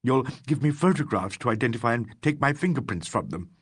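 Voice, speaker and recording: A man reading an audiobook, voicing a frightened, furtive suspect who pleads and protests in a husky voice. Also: medium pitch, expressive, fairly quick. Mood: pleading. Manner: pleading, tearful, indignant outbursts.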